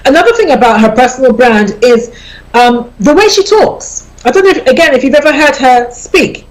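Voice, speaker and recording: Chatty higher-voiced woman radio host. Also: lively intonation, moderate pace, poor audio. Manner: chatty and explanatory, repeats her key points. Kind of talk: conversational radio talk on personal branding. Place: radio studio.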